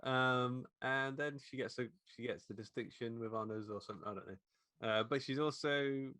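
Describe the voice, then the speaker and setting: A man co-hosting a podcast, calmly filling in plot details during a casual horror film chat. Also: mid-range voice, normal speed, dry recording, clean studio sound. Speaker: podcast co-host.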